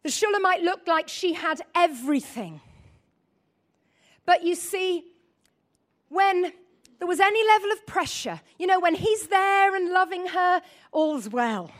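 A woman preaching a lively sermon, joking with her audience and acting out scenes. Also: extremely high pitch, unhurried. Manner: animated, laughing, acts out voices.

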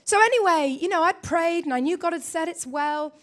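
High-voiced animated woman preacher. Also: a little fast. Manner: animated, emphatic, acts out her own quoted thoughts. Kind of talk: sermon.

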